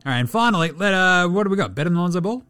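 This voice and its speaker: Australian male podcast host, a bit high-pitched, very lively delivery, foul-mouthed joker, faint music under him. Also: rapid-fire. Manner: sweary, jokey, rambling banter. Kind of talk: casual sports podcast commentary.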